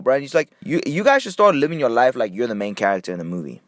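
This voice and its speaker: A young man from Nigeria telling a casual story-time vlog, jumping between hushed asides and excited, high bursts. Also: fast talker, no echo. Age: young adult.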